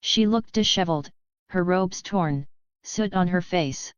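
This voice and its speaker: A woman narrating an audiobook in a steady storytelling manner. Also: fairly low pitch, a little slow, clear, resonant tone, no echo. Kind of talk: scripted narration. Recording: muffled lo-fi recording.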